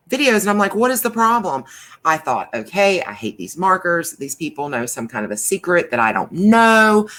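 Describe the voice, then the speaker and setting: Slow, chatty woman demonstrating crafts. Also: deep voice, a bit bright. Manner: chatty, rambling, with many fillers and restarts. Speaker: craft channel host.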